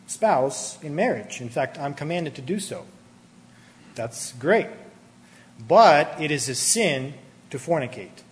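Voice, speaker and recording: A man preaching a sermon, animated and emphatic, often restarting his words. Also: fairly high pitch. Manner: animated, rising to emphatic peaks, with many restarts. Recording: hall reverb with faint ambient noise.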